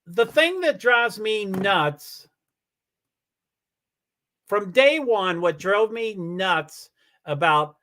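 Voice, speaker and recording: Male livestream host, high and lively voice, rambling chat to viewers, stumbles and restarts often. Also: extremely slow, long pauses. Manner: rambling, animated, many restarts. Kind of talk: casual livestream chat, reading viewer comments.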